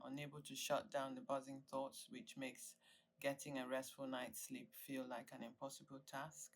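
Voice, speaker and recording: A woman's voice: very deep voice, a bit bright, a little hiss or hum, rough recording. An older woman, a psychiatrist, presents an online stress workshop in an earnest, emphatic and reassuring way. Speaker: psychiatrist leading a wellbeing workshop.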